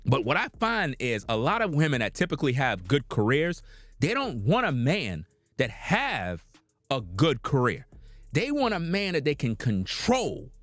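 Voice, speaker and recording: A man's voice: mid-range voice, huge pitch swings, a little slow, fairly bright tone, no room sound. A man giving blunt, preachy reaction commentary on a livestream, lecturing his audience in casual slang.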